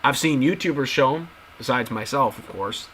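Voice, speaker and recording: A man's voice: medium pitch, moderate pace, background noise. A man in casual video commentary, talking to his viewers and repeating his points emphatically. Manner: repetitive, emphatic, addresses viewers as guys. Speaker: YouTube commentator.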